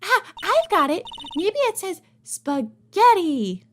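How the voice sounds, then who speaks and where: A woman voicing a bubbly, excitable, food-obsessed teenage girl spirit medium in a video game read-through, with giddy sing-song exclamations. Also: extremely high pitch, takes it slowly, music in the background, pitched above the performer's own voice, heavily acted.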